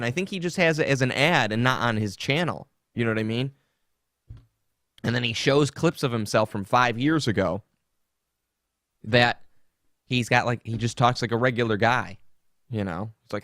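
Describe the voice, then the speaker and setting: A man's voice: mid-range voice, lively intonation, moderate pace, fairly bright tone, no room sound, clean studio sound. A man hosting a podcast, chatting casually with a jokey, rambling, mocking manner. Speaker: podcast host. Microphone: desktop streaming setup.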